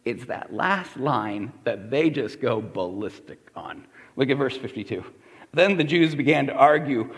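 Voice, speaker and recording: A male pastor preaching a sermon in church, animated and acting out the voices of the people in the story. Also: mid-range voice, measured pace, big-room sound. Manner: animated preaching with acted-out voices of the crowd and Jesus. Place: church hall.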